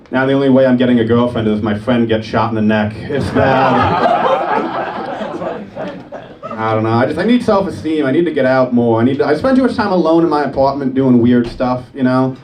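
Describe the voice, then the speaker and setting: A young man doing an awkward, self-deprecating stand-up set in a comedy club. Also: mid-range voice. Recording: roomy, distant mic, loud crowd.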